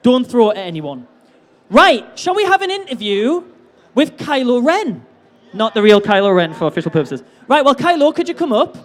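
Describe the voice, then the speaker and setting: A man's voice: very high voice, big pitch swings, moderate pace. A man hosting a live convention stage game, teasing contestants with upbeat, jokey banter.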